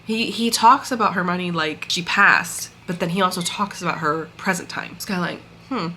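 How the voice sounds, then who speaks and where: A woman's voice: fairly low pitch, normal speed, bright, forceful tone, a little hiss or hum. A woman chatting casually about a story she loved, gushing and acting out bits of dialogue with lots of fillers. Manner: gushing, chatty, full of fillers and acted-out quotes. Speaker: book reviewer. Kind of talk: casual chat recapping a story.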